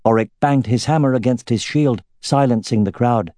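A man reading a fantasy novel aloud as the narrator, with a steady, even storytelling delivery. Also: medium pitch, moderate pace, no room sound, clean studio sound. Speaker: audiobook narrator.

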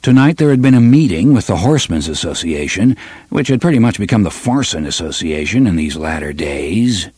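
A man reading a gritty novel aloud in steady, measured audiobook narration. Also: low-pitched, slightly rough, dry recording. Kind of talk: scripted narration.

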